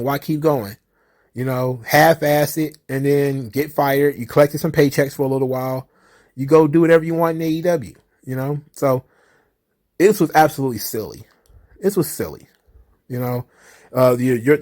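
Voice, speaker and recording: A man's voice: fairly high pitch, a little mellow. A man hosting his own wrestling commentary channel, giving blunt, profane opinions in a casual talking style. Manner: blunt and profane, mocking acted-out exchanges.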